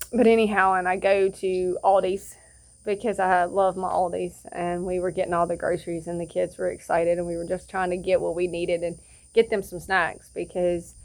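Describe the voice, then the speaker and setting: A woman sharing a personal testimony outdoors, rambling through her story with frequent fillers and restarts. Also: fairly low pitch. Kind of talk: casual spoken testimony. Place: outdoor campsite.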